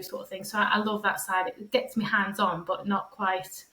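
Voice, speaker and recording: A woman's voice: medium pitch, level tone, moderate pace, few pauses, sharp tone. Chatty woman in an echoey room. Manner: chatty, rambling, fond of "sort of thing", acts out quoted voices. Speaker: podcast guest, feng shui and decluttering coach. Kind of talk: casual interview chat.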